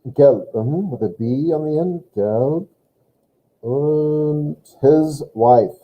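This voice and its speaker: Slow, patient German teacher, tinny line. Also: male voice, on the high side. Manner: patient, explains grammar step by step. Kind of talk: online language lesson.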